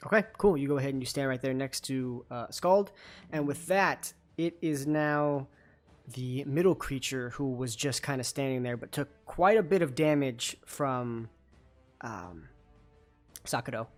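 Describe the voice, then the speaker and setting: A man guiding his players through a tabletop game as dungeon master. His voice sits at a middle pitch, and he talks in a loose, rambling way, often stopping for "um" and starting sentences over. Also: measured pace, faint music behind. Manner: chatty, loose narration full of fillers and restarts.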